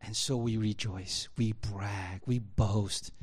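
A man's voice: fairly low pitch, fairly even intonation, slow, darkish tone, slightly rough. A man pastor preaching a sermon in a casual, conversational way, often checking in with "right?" and building to impassioned emphasis.

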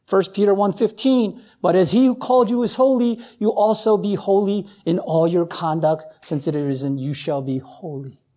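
Here a man delivers a sermon as pastor, moving between almost-shouted passages and soft, low ones. He keeps repeating phrases and checks in with the congregation by asking "right?"

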